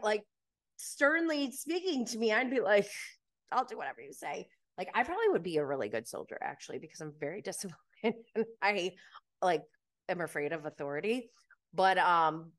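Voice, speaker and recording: Animated chatty woman podcast host. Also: mid-range voice. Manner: chatty, animated, laughs often, lots of fillers. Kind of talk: casual chat recapping reality TV.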